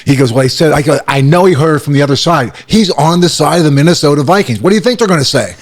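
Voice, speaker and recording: A man in his sixties tells stories at a bar table, voice of middle height. He acts out every quote, jumping sharply higher whenever he replays what was said. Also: very fast. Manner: animated, acts out quotes with sharp rises in pitch. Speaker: guest, former football coach. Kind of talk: storytelling in casual chat.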